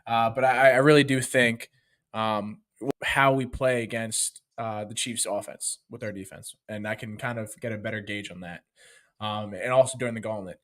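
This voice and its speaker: A man co-hosting a sports podcast, talking in a hesitant, halting way with many fillers. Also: lowish voice, fairly even intonation, a bit bright. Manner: hesitant, lots of ums. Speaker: podcast co-host. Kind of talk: casual sports talk.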